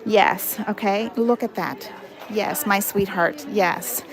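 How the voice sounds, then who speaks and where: A woman's voice: mid-range voice, slow pace. A woman hosting a casual paper-crafting livestream, chatty and affectionate, greeting viewers by name. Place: busy crafting retreat hall with crowd. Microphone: phone camera. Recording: crowded noisy venue. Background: crowd chatter.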